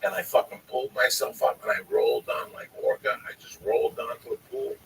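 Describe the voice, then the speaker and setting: A man tells a rambling, profane story, his gravelly low voice swooping up and down with a bright edge. He sits back from the microphone, with faint room noise behind him. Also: fairly quick, recorded from a distance, poor audio. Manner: profane, animated, addresses the listener as "Lee". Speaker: storyteller guest. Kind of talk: casual podcast storytelling.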